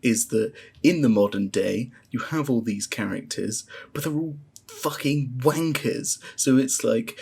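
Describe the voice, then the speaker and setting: Gravelly, husky man ranting bluntly. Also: mid-range voice, normal speed, darkish tone. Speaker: podcast co-host reviewing a show. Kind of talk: casual chat, sweary review.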